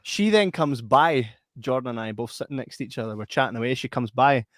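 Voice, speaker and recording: A Scottish man co-hosts a casual podcast chat, speaking a little fast at medium pitch in studio-quality sound with no echo. An animated storyteller, he laughs often and acts out voices.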